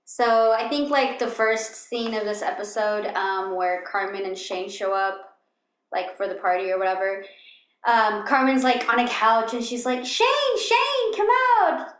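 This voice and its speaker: Animated chatty woman in an echoey room. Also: moderate pace. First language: Spanish. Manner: animated, full of "like" fillers, jumps high when quoting. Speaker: podcast co-host. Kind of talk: casual chat.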